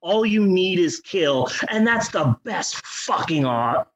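A man with a rather high voice riffs sarcastically on a bad movie, cursing freely. His pitch jumps all over the place as he tells the story. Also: slow pace, low-quality recording. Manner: profane, sarcastic, animated storytelling. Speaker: podcast co-host. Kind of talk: casual comedic movie-review podcast chat.

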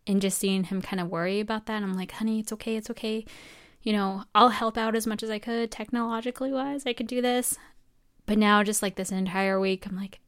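A woman's voice: medium pitch, a little fast, clear, resonant tone. A woman in her twenties, a medical student, chatting casually and telling stories that act out the voices of the people in them. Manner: animated storyteller acting out quoted dialogue. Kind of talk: casual chat.

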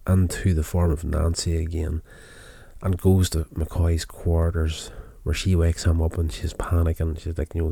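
A man's voice: sits low, flat delivery, a little slow, creaky, warm tone, husky, no echo. A tired man casually recapping a television episode, rambling with many fillers and restarts. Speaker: show recapper.

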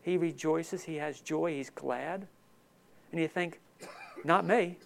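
A male pastor with a high, gravelly voice delivers an emotional sermon. He swings from loud, emphatic declarations to hushed, tender lines, close to tears. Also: slow pace. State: tearful.

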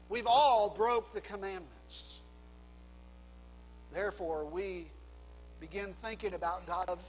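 A man preaching a sermon as a pastor, swinging between hushed low phrases and loud emphatic lines. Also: slow, long pauses, in a large hall, low-quality recording. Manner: preaching with dramatic drops to a hush and rising emphasis.

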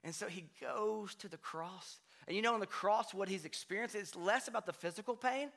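A man preaching a sermon in a conversational way, often checking in with "right?" and swinging from hushed to loud. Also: sits high, fairly quick, hardly any pauses. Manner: conversational, frequent "right?" asides, animated swings from quiet to loud. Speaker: pastor.

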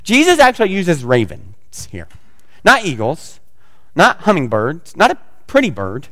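A male pastor preaches in a loose, conversational way and throws teasing asides to his congregation. His voice sits high for a man. The sound carries a long, hall-like reverb. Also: wildly swooping pitch, a little slow, sharp tone. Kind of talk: sermon.

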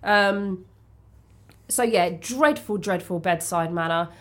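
A woman's voice: on the low side, slow, fairly bright tone. A woman in a casual podcast chat, talking bluntly with many ums and restarts. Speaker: podcast co-host.

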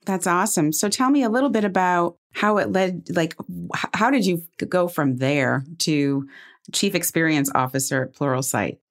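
Lower-voiced woman hosting a podcast. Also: normal speed. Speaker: podcast host. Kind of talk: interview questions.

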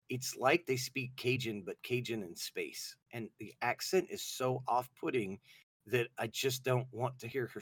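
A man's voice: medium pitch, dry recording, studio quality. A man from the Southern US with a Southern accent, co-hosting a casual comedic chat and acting out silly voices. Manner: animated, jokey, acts out voices. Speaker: podcast co-host.

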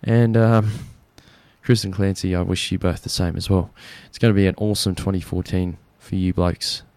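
Young aussie bloke on community radio, lowish voice, loose jokey rambling chat. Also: male voice, fairly even intonation, normal speed, a little mellow, dry recording. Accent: Australian. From Australia. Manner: chatty, jokey, rambling with fillers.

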